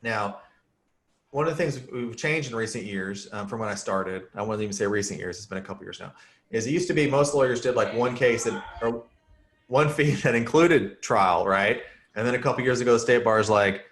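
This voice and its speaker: Brief: male defense attorney hosting a casual chat, mid-pitched, relaxed and joking, plain-spoken. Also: fairly quick. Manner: easygoing, joking, explains plainly with everyday examples. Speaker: criminal defense lawyer and host.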